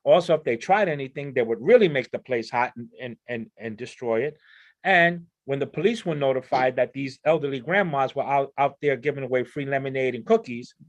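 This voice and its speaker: A man speaking on a discussion panel, explaining his ideas in an earnest way and often repeating words as he builds each point. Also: mid-range voice. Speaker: panel speaker on crime prevention.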